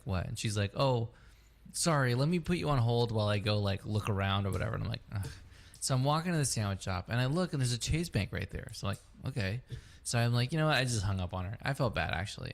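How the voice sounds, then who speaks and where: A man telling a story, cursing often. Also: medium pitch. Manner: animated, profane, acts out both sides of the story. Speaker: podcast co-host. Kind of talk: casual storytelling chat.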